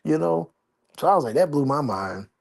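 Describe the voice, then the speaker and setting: A man's voice: fairly high pitch, expressive, brisk, creaky, darkish tone. A man chatting casually on a livestream from his apartment, rambling and slangy while keeping his voice down. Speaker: livestream host. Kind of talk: casual live-stream chat. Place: at home, apartment.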